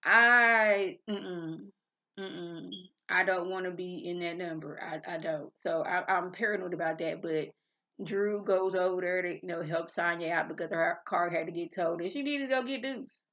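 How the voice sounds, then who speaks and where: Somewhat cranky before her coffee, a woman in her thirties reviews a reality show episode in a chatty, tangent-prone way for her recap vlog. She speaks at a normal speed in a fairly low, pushed, bright voice, and the recording sounds dull and lo-fi.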